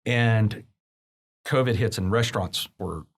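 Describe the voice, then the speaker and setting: A man, a business coach, a guest on a podcast, telling stories in an animated, conversational way. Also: fairly low pitch, measured pace, creaky. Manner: animated storytelling, acts out quoted people.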